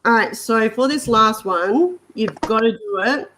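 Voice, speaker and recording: A woman's voice: a little high, lively intonation, measured pace, fairly bright tone, slight background noise, poor audio. An Australian woman in her forties co-hosting a livestream, leading a slang game. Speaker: co-host. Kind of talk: casual livestream chat.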